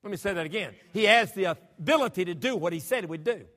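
A man preaches an emphatic sermon, peppering his congregation with rhetorical questions. His high voice is fast, sharp, and lively in intonation, and a long hall reverb surrounds it.

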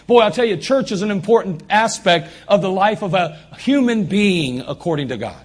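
Male pastor, sermon in a church, raspy tone, pressing points by repetition. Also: high-pitched, lively intonation, fairly quick, few pauses. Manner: emphatic preaching with repeated phrases. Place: church sanctuary.

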